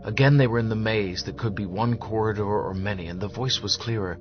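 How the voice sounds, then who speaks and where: A man reading fantasy narration in a measured, steady way. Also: deep voice. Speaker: audiobook narrator. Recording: dull lo-fi audio with music behind.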